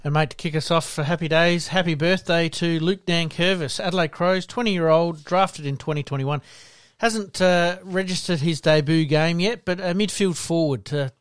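Aussie guy hosting a footy chat, smooth and crisp, dry sound. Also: a little high, moderate pace, no room sound. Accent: Australian. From South Australia. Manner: relaxed, frequent "uh" fillers. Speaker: podcast host. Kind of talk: casual sports chat.

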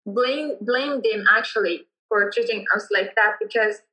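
A woman's voice: medium pitch, unhurried, pushed and bright, low-quality recording. A young woman from Yemen speaking English with a Yemeni Arabic accent, answering interview questions with many fillers and restarts. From Yemen, Hadramaut. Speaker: interviewee, cultural entrepreneur.

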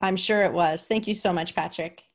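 A woman's voice: on the low side, normal speed. A woman hosting a podcast, chatting enthusiastically with many fillers and restarts. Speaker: podcast host. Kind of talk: casual podcast chat.

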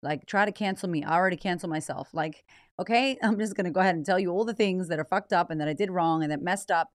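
A woman's voice: lowish voice, fast, dry recording, studio quality. An American woman with a slight Australian twang hosting a podcast from her office, talking casually and bluntly, swearing and laughing often. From United States. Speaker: podcast host. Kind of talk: casual chat.

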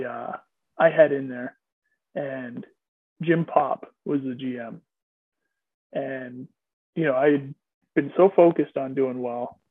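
A man guest telling relaxed, rambling stories about his playing days in a casual interview. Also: mid-range voice, dry recording. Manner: relaxed, rambling anecdotes with fillers. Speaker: guest, former player. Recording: tinny phone-like line.

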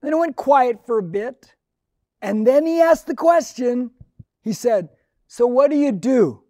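Earnest older male pastor, mellow voice. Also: extremely high pitch, expressive, measured pace, no echo, studio quality. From Mexican heritage. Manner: earnest, conversational, acts out dialogue. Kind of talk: sermon storytelling.

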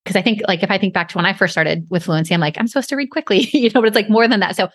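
A woman's voice: mid-range voice, very fast. A woman hosting a podcast, asking enthusiastic, rambling questions. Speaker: podcast host. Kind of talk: casual conversational interview.

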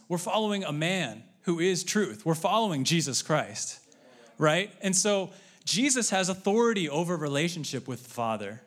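A man speaking as a pastor in an earnest, conversational sermon. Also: sits high.

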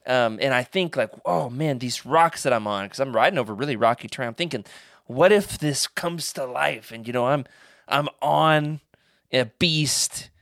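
Male podcast co-host, mid-pitched, chatty storyteller who acts out quotes, dry close sound. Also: moderate pace, dry recording. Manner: rambling anecdotes with restarts and animated quoted voices. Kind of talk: casual chat.

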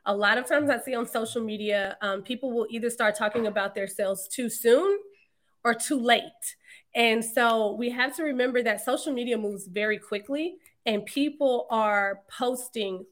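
A woman in her thirties, a podcast guest, telling her story in a casual, animated way and laughing often. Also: fairly high pitch, normal speed. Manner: animated, laughs often, quotes others in lively voices. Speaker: podcast guest, marketing entrepreneur.

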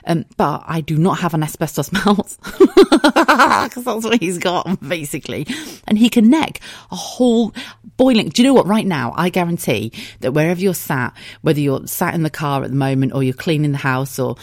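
A woman's voice: deep voice, lively intonation, brisk, darkish tone, dry recording, studio quality. An English woman in her thirties hosting a casual solo podcast, chatty and giggly, swearing freely. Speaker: podcast host.

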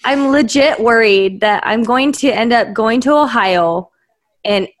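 A tipsy woman from Oklahoma who co-hosts a podcast and chats on a video call in an excitable, rambling, dramatic way. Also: on the high side, a little slow. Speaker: podcast cohost. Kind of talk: casual chat.

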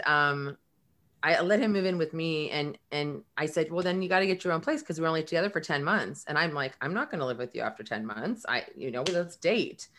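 A middle-aged woman, a guest, telling an emotional personal story and acting out the dialogue in it. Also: sits low. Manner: animated, acts out quoted dialogue.

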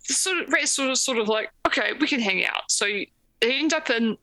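A woman chatting with friends about a book. Her voice is bright and slightly high, recorded close and dry, and she stops and restarts her phrases with small laughs. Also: dry recording, rough recording. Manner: hesitant, halting, with repeated starts and apologetic laughs. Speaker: podcast co-host. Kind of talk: casual chat.

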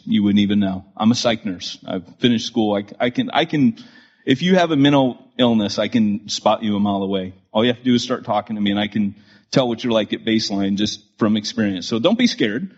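A man in his forties tells stories from the pulpit with a husky voice. He talks in an animated way, restarting lines and throwing in asides. The recording sounds dull and lo-fi. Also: lowish voice. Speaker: pastor. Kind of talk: storytelling sermon to a live audience.

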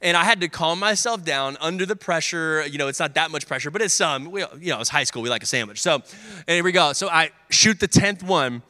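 Speaking a little fast in a pushed, bright, higher voice, a young pastor energetically recounts sports stories in his sermon, imitating teammates and his coach. The room carries a long hall reverb.

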